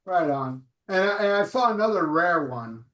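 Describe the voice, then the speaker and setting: A man's voice: high voice, sing-song, moderate pace, fairly bright tone, far from the mic. A man hosting a casual interview, hesitant and searching for words. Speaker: host. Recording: echoey, off-mic.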